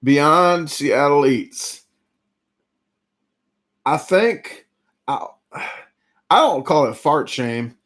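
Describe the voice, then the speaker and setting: A man's voice: fairly high pitch, expressive, drawn-out words, pauses often, fairly bright tone. Man, casual stream host, rambling, just ate a huge meal. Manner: rambling, chatty, reads out viewer names; full and sluggish after a big eating challenge. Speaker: competitive eater streaming a live chat. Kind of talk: casual live-stream chat.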